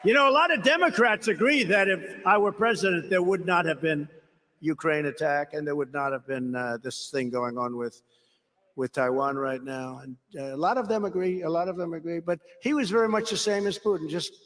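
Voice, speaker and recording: An older man giving a rambling, boastful rally speech, repeating phrases and swinging between quiet asides and shouted emphasis. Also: on the high side, a little fast, big-room sound. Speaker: political speaker. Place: political rally.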